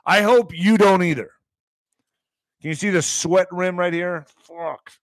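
Man, morning show host, rambling, profane, reads news aloud, slightly high voice, dry sound. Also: unhurried, no room sound, low-quality recording. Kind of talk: casual news commentary.

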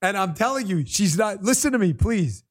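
A man with a New York accent hosts a political talk show and reacts to his live chat. His voice is high for a man, and he talks in an animated, chatty way, repeating himself and laughing easily. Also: normal speed. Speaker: show host.

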